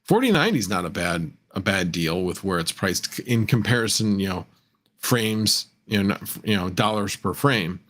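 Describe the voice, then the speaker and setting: Rambling low-voiced man hosting a livestream. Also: expressive, normal speed, a bit bright. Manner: rambling, self-correcting, chuckles often, reads chat aloud. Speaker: livestream host. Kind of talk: casual livestream chat.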